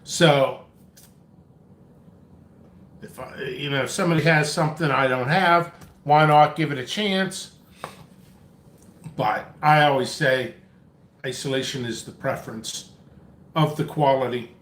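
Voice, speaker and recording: A man's voice: mid-range voice, a little slow, long pauses, a bit bright, echoey room. A man hosting a casual live chat, rambling and chatty on coffee, a little out of breath. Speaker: pepper seed seller and channel host. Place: indoor home workspace.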